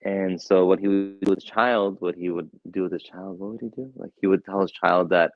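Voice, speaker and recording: A man teaching a religious lecture in a mosque, telling a story with animated quoted voices. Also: deep voice, brisk, few pauses, no echo. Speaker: shaykh teaching a lecture series. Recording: dull, dry lo-fi sound.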